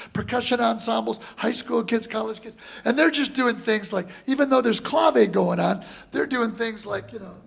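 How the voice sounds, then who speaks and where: A man teaching a drum masterclass, telling a long story in an animated way and acting out other people's voices with shouts. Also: extremely high pitch, gravelly, husky. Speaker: drum clinician. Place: college classroom before an audience.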